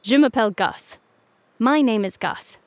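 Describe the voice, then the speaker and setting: Woman as eager little pug, slightly high, polite and shy. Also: a little slow, no echo, lightly acted. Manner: careful tourist French, shy and cheery. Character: small polite male pug dog, eager and unsure.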